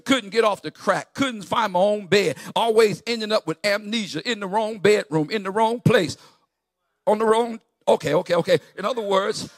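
A male preacher giving a rhythmic sermon, with a sing-song delivery that builds to shouts. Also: sits high, dry recording, studio quality.

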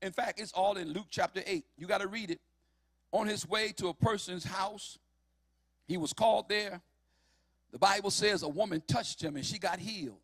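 High-voiced preacher man, emphatic sermon. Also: moderate pace, no room sound. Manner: emphatic, rising to shouts on key lines.

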